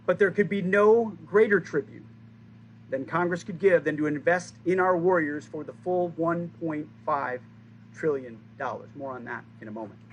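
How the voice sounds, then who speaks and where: A man in his forties giving a formal, rousing ceremony speech, stressing key lines with pauses for effect. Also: a little high, slight background noise, low-quality recording. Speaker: speaker at a base ceremony.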